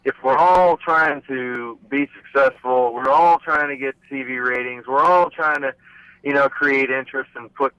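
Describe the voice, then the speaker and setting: A man's voice: medium pitch, fairly even intonation, normal speed, sharp tone, clean tone, no room sound. A man who is a former wrestler answers interview questions hesitantly, often restarting his phrases. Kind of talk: casual interview chat. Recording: dull dry phone line.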